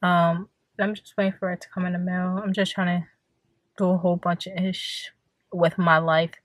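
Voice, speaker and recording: A woman's voice: lowish voice, little pitch movement, normal speed, dry recording. A young woman vlogging in casual chat from her parked car. She sounds tired and yawns, and she talks with lots of fillers and frequent laughs. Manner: chatty, laughs often, many fillers. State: tired, yawning. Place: parked car outdoors, hot day.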